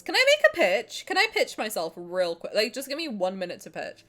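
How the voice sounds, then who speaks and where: Brief: young woman streamer, raised pitch, very expressive delivery, jokey and loose with swearing, faint game music underneath. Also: brisk, few pauses. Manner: animated, joking, swears, breaks into giggles. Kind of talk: casual livestream chat, reading game text aloud.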